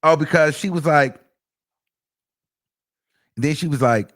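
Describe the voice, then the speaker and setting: A man's voice: fairly high pitch, takes it slowly, long pauses. A man hosts a casual commentary stream in a loose, gossipy way, with plenty of fillers and profanity. He throws his voice up and down as he acts out other people's words. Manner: chatty, animated and profane, with lots of fillers. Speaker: host.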